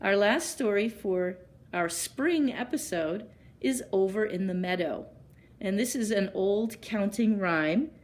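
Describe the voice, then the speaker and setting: A woman librarian reading picture books aloud at story time, gently pausing to ask children questions. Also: mid-range voice, animated.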